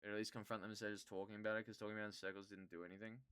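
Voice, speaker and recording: Streamer, casual chat with viewers, profane, rambling, bright voice, dry close sound. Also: low-pitched, level tone, smooth, no echo. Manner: rambling, profane, quickly gets worked up and loud.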